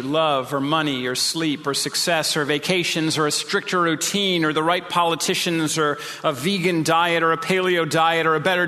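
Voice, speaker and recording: Earnest preaching man, bright voice. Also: on the high side, in a large hall. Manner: earnest, pleading preaching with dramatic drops to a whisper. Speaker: pastor. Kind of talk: sermon.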